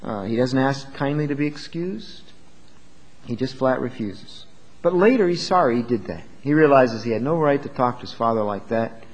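A man's voice: mid-range voice, expressive, normal speed, big-room sound, low-quality recording. A man preaching a sermon in an emphatic, conversational way, asking his listeners questions as he explains a Bible passage.

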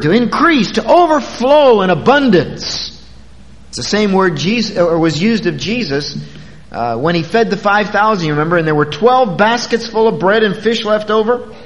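At a normal speed, a pastor delivers a sermon in a high, lively voice that swoops up and down. He addresses his congregation conversationally, stretching out key words for emphasis, while a long reverb from the church sanctuary lingers behind him.

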